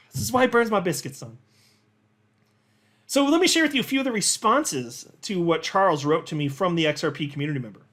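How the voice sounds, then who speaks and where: Animated, exasperated man reading posts aloud. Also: high-pitched, fairly quick, pauses often. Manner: folksy sayings. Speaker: crypto commentary host.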